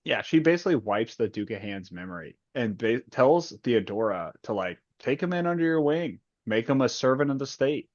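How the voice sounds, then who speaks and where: A man co-hosting a podcast, chatting about a book in an animated, profane and jokey way. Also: medium pitch, moderate pace, hardly any pauses, dry recording. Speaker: podcast co-host. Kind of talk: casual book discussion chat. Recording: dull lo-fi dry sound.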